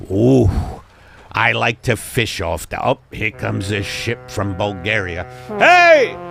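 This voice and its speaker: A man improvising a rambling comic monologue in a gruff, sardonic voice. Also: deep voice, a bit bright. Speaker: comedian host.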